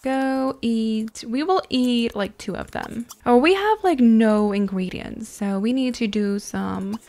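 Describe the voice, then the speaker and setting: High-voiced gushing woman narrating gameplay. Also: slow. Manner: gushing, excitable, squeals and laughs at cute moments. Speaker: gaming channel host. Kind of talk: casual gameplay commentary.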